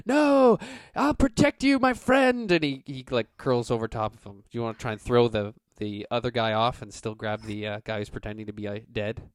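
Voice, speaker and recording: With a smooth, mid-range voice, a man acts as game master for a tabletop game, rambling comfortably and dropping in many fillers as he narrates. The recording is studio quality, free of room sound.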